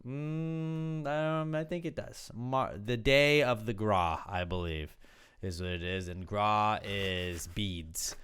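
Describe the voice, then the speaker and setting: A man's voice: fairly low pitch, takes it slowly, fairly bright tone, smooth. A man co-hosting a podcast in casual banter, joking around and now and then slipping into a put-on Cajun drawl. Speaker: podcast co-host.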